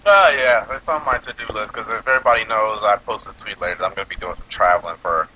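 A man's voice: fairly low pitch, fast, poor audio. A man hosting a podcast in casual chat, telling stories with lots of laughs while eating. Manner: animated storytelling, laughs a lot. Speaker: podcast host.

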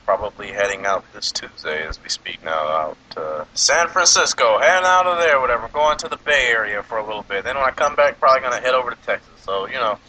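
Lively, bright-voiced male podcast host. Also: mid-range voice, quick pace, hardly any pauses, slight background noise, low-quality recording. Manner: animated storytelling, laughs a lot. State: eating while talking. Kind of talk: casual chat.

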